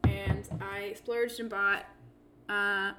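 A woman's voice: mid-range voice, flat delivery, extremely slow, over music. A young woman co-hosting a podcast in casual chat, chatty and giggly, with frequent fillers. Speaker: podcast co-host.

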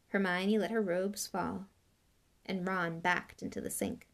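A woman's voice: on the low side, fairly even intonation, measured pace, vocal fry. A woman reading a novel aloud in a plain way with small slips and restarts. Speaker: audiobook reader.

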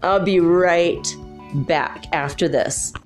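A woman hosts a casual solo podcast at an unhurried, slow pace, talking straight to her listeners. She giggles often between her phrases. Faint music plays behind her. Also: fairly low pitch. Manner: chatty, addresses listeners directly. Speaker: podcast host.

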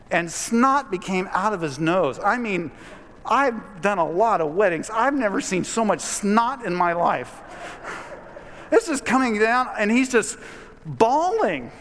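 A man's voice: high-pitched, a bit bright. A man delivering a sermon as a pastor, telling a story in a conversational way and building to emphatic points. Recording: long hall reverb.

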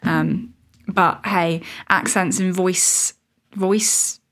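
A woman's voice: lowish voice, steady tone, drawn-out words, a bit bright. A woman in her thirties hosting a casual solo podcast, chatty and rambling, laughing at her own tangents. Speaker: podcast host.

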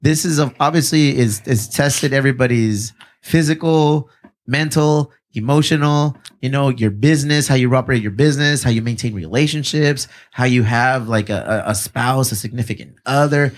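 A man's voice: mid-range voice, moderate pace. Laid-back cursing man. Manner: profane, laid-back, mixes in Spanish slang. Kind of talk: casual chat.

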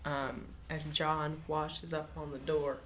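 A woman's voice: sits low, level tone, slow, a little hiss or hum. A woman co-hosting a podcast, retelling a TV episode's plot step by step in casual chat, with blunt opinionated asides. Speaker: podcast co-host.

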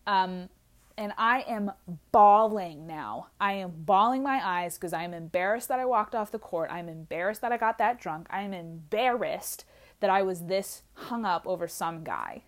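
A woman's voice: mid-range voice, moderate pace. Candid young woman telling a story. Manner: candid, animated, swears freely, laughs at herself. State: drinking while talking. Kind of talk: casual storytelling.

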